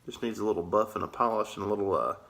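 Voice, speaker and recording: A man's voice: fairly low pitch, very fast, creaky, a bit bright. A man with a Southern US accent chatting casually in an easygoing, rambling way, with plenty of filler words. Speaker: pipe-smoking vlogger. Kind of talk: casual chat.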